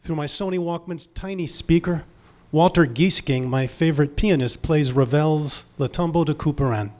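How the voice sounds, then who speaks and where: A man in his sixties from Long Island telling a personal story in a wry, intimate manner, moving from hushed lines to emphatic ones. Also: a little high, moderate pace. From Long Island, New York.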